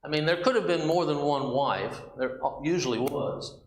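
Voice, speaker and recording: A man's voice: fairly high pitch, normal speed, roomy sound, slight background noise, poor audio. A man teaching a Bible study class, asking questions and reading scripture aloud in a conversational way. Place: church classroom.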